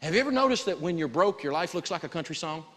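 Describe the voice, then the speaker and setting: A man teaching a live personal finance lesson in a folksy, animated way, prompting the audience to answer back. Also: fairly high pitch, fast talker, big-room sound, background noise.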